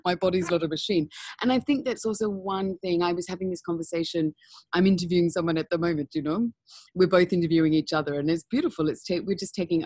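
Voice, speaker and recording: Frank, animated woman, husky voice. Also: on the low side, quick pace, dry recording. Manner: frank, animated, laughs often, lots of fillers. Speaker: interview guest. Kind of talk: candid conversational interview.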